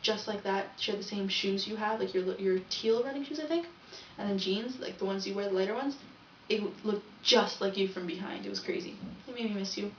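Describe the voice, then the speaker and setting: A woman's voice: mid-range voice, fairly quick, few pauses, recorded from a distance, slight background noise. A young woman rambling through a casual video diary and often correcting herself. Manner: chatty, rambling, self-correcting. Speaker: vlogger. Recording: echoey, dull, from off the mic.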